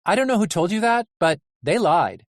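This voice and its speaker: A reader voicing a young man who speaks quietly and wryly. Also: medium pitch, sing-song, moderate pace, no room sound, clean studio sound, voice pushed up, close to an everyday voice. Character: young human man, wry and uneasy.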